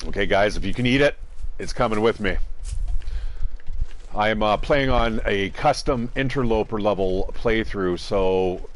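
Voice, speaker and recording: A man's voice: fairly low pitch, a little slow, low-quality recording. A man giving casual gameplay commentary, chatty and talking straight to his viewers, cursing now and then. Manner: chatty, addresses viewers as guys, swears casually. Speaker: gamer.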